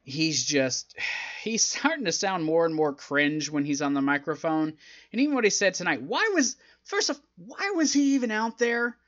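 A man reviewing a wrestling show, talking casually and getting exasperated, with a rambling, animated delivery. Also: a little high, moderate pace, lo-fi sound.

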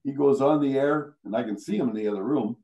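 A man's voice: mid-range voice, fast, gravelly, poor audio. An older man, a veteran radio broadcaster from Iowa, telling anecdotes and chuckling through the funny parts. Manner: chuckling, animated storyteller who laughs through his punchlines. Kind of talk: anecdotal storytelling.

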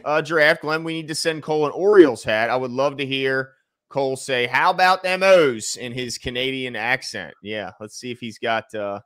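Animated man hosting sports talk. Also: medium pitch, moderate pace. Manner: animated, rambling, reads viewer comments aloud. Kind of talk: casual sports podcast chat.

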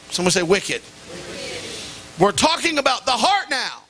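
A middle-aged male pastor preaching a sermon and telling animated, self-deprecating stories with sudden jumps in pitch. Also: measured pace, pauses often. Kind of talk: sermon with personal anecdote. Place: church sanctuary.

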